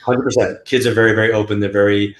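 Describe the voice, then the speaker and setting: Telling stories as an interview guest, this male psychic medium gets animated and raises his voice to act out quotes. His pitch is fairly low and his pace quick, with a roomy echo around him.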